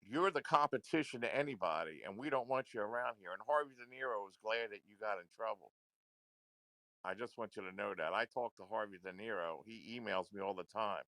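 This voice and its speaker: A man's voice: on the low side, fairly quick, pushed and bright, no room sound. A man ranting into a livestream, confrontational and repetitive, swearing often. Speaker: livestream commentator.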